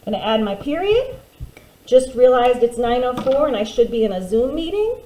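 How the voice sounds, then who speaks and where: A woman teacher giving a recorded phonics lesson to young children, sounding out words slowly syllable by syllable. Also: fairly high pitch, big pitch swings, dark tone. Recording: echoey room with faint background hiss.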